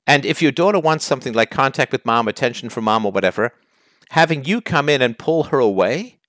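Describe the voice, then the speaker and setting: A man's voice: medium pitch, animated, a little fast, a bit bright, no room sound, clean studio sound. A man hosting a call-in advice show, talking bluntly and challenging the caller with heat.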